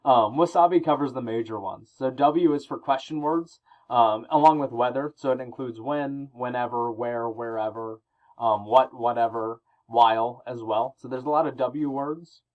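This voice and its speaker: A man's voice: mid-range voice, fairly even intonation, normal speed, darkish tone, lo-fi sound. A male teacher explaining grammar rules in a recorded lesson, talking through examples with fillers and occasional self-corrections.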